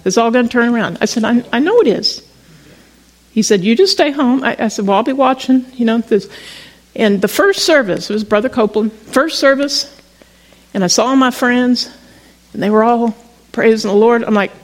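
Middle-aged woman preacher, higher pitched, talking through a personal story in a loose, stop-start sermon style. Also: expressive, normal speed, rough recording. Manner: conversational storytelling with frequent restarts. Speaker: pastor.

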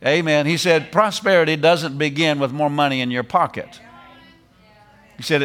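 A middle-aged man preaching a sermon, animated, repeating phrases and laughing as he drives points home. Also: a little high, moderate pace.

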